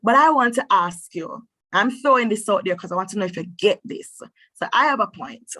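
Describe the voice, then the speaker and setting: A woman's voice: mid-range voice, lively intonation, sharp tone, no room sound. Encouraging woman teaching an online maths class. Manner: encouraging, thinks aloud with drawn-out hmms. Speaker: mathematics teacher.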